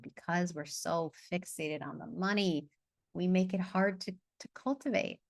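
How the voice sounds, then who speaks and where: A woman runs a live online class over a video call in a lowish voice, talking loosely with her students. She laughs often, lets a curse slip and wanders off track. The sound is dry and close, with no room around her. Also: a little slow, creaky, no echo. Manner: chatty, laughs and swears, loses her train of thought. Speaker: money coach leading a masterclass.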